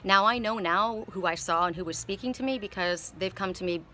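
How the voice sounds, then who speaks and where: A middle-aged tarot card reader tells a personal story casually, rambling and emotional with many repeated words. Her medium-pitched voice is fairly quick and sharp, with slight background noise.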